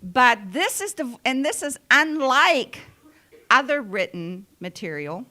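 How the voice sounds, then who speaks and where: Slow, bright-voiced woman preaching. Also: high-pitched, big pitch swings. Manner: earnest, emphatic, repeats key phrases. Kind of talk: conversational sermon.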